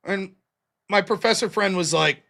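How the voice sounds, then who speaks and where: This host of a live streaming show has a high, gravelly voice with a sharp tone, speaking at a moderate pace. He rambles through a long story in loose, profane chat stuffed with fillers.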